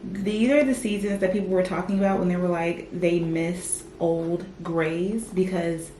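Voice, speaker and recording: A young woman with a fairly low voice, talking casually to her vlog audience. She chats freely and slips into lively rants. The room sounds echoey, and faint noise hums under her. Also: measured pace. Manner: chatty, animated, ranting. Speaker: vlogger.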